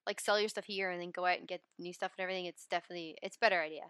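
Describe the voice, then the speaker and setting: A woman's voice: fairly low pitch, steady tone, rapid-fire, a crowd in the background. A woman hosting a video game podcast, chatting casually and enthusiastically. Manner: bubbly, enthusiastic. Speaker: podcast host. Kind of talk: casual chat.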